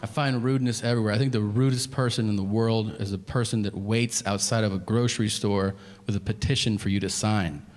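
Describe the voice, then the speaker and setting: A man in his forties doing a profane, deadpan stand-up routine and acting out his exchanges with strangers. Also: fairly low pitch, brisk, few pauses, a little hiss or hum. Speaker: stand-up comedian. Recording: live stage mic over crowd laughter. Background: audience laughter.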